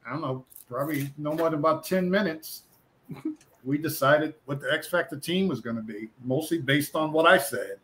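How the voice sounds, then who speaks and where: A man's voice: on the high side, moderate pace. Storytelling man with a raised voice. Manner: animated anecdote teller, acts out quoted voices. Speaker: guest comic artist. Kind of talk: casual storytelling chat.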